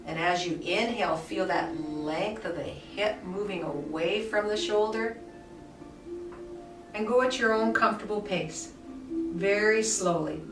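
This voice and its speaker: A woman yoga teacher guiding a somatic movement class with soft, soothing cues. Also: mid-range voice, measured pace. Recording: echoey room, mic far off, faint music.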